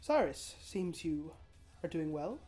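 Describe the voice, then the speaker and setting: A woman voicing a polished, scheming vampire clan leader who speaks in a smooth, measured way. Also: low-pitched, sing-song, mellow, faint music behind, heavily acted.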